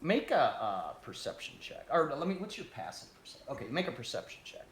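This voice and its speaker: A man narrating as game master of a tabletop game, speaking haltingly with many restarts. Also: on the high side, big pitch swings, slight background noise.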